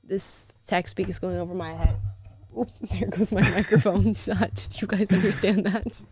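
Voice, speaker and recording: A woman's voice: medium pitch, steady tone, moderate pace, darkish tone. A woman hosting a casual livestream, reading viewer comments aloud with sarcastic asides and frequent laughter. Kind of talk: casual live chat.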